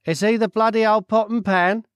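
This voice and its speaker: A man voicing a nosy, brash Cockney man with loud, blunt, slangy talk, in an audiobook. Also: high voice, fairly even intonation, normal speed, clean tone, no room sound, studio quality, pitched above the performer's own voice, lightly acted.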